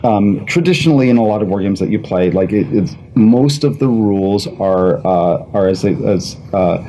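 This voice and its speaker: A man's voice: lowish voice, lively intonation, normal speed, warm tone, slight background noise, poor audio. A man talking casually as a game designer on a live panel, rambling with lots of fillers and restarts.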